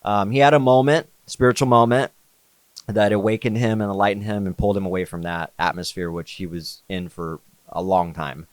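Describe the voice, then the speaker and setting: A man's voice: lowish voice, steady tone, fairly quick, no room sound. A man, a podcast guest, telling a story in casual, slangy conversation, often saying "like" and "dude". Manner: laid-back, slangy, says "like" and "dude" often.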